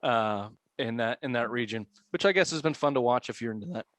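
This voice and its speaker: A man's voice: medium pitch, animated, a little fast, fairly bright tone, no room sound. A man hosting a casual sports podcast, joking, laughing and swearing freely.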